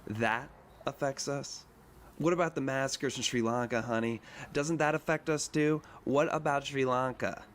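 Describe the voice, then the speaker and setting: A man's voice: mid-range voice, steady tone, moderate pace, hardly any pauses, a bit bright, slight background noise, pitched above the performer's own voice, natural voice. A man voicing a smug young male yuppie who drawls mockingly, in a novel read aloud.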